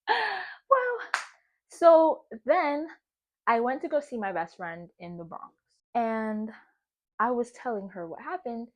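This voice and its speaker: A young woman vlogger chatting casually while baking at home, animated and profane, laughing often as she talks. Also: fairly high pitch, unhurried.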